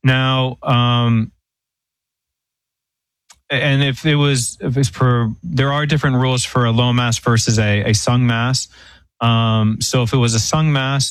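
A priest on a radio call-in show, explaining church rules in a measured way with frequent pauses and fillers. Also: male voice, mid-range voice, no room sound, poor audio. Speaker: priest answering questions.

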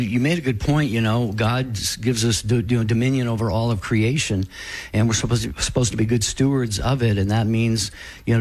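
A man co-hosting a radio talk show, speaking in a gentle, reflective way. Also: medium pitch. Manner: gentle, reflective, faith-minded. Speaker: radio co-host.

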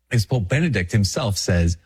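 A male priest with a lowish, slightly husky voice talks casually to his online viewers. He is chatty and pokes fun at himself, breaking into animated little asides. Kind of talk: casual talk to camera for an online video.

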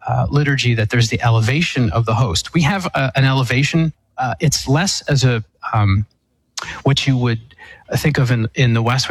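Man, priest, husky tone, dry close sound, measured with many restarts. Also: mid-range voice, no echo, poor audio. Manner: measured, thoughtful, with frequent fillers and restarts. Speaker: Eastern Catholic priest. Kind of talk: explaining theology on a call-in show.

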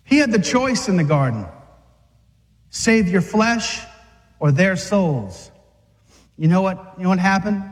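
A man's voice: high-pitched, animated, a little slow, pauses often. A man preaching an urgent, fiery sermon to men, exhorting them and acting out scenes. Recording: long reverb of a large hall.

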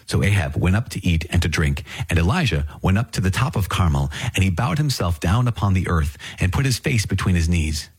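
A man reading scripture aloud in a measured, solemn way. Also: sits low, expressive, slightly rough, dry recording. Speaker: scripture reader.

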